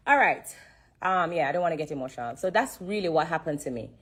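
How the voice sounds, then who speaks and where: A woman's voice: deep voice, expressive, quick pace, fairly bright tone, slightly rough. A woman giving an earnest, emotional testimony on a phone live stream, repeating herself and holding back tears. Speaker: livestreamer sharing a testimony. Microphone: phone on a social-media live.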